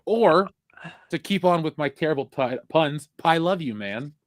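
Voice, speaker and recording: A man's voice: a little high, animated, measured pace, no room sound. A man co-hosting a casual pop culture chat, joking around and riffing on terrible puns. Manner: jokey, riffs on bad puns. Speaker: podcast co-host.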